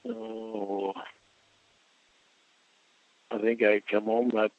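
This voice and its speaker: A man calling in to a radio show, talking in a halting, simple, hesitant way. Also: mid-range voice, sing-song, gravelly. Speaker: radio caller. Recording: muffled radio call audio.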